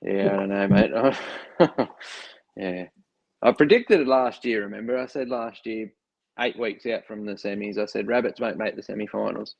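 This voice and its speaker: A man's voice: on the low side, normal speed, creaky, highs cut off. A man with an Australian accent, a podcast guest talking in a laid-back, rambling way on his phone. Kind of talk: casual chat.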